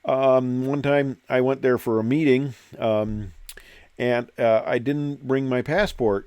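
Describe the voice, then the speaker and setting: A man's voice: medium pitch, moderate pace, a little mellow, smooth, no room sound. An older man, a retired airline pilot, telling jokes and stories in a casual, digressive monologue with plenty of fillers. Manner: joking, digressive storyteller with many fillers.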